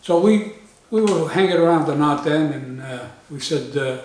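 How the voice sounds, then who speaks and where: A man's voice: a little high, normal speed, darkish tone. A man in his eighties from Sicily, telling stories in short plain phrases as a guest in a barber shop. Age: 80s. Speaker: interview guest. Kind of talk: casual storytelling. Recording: roomy barber shop, faint noise.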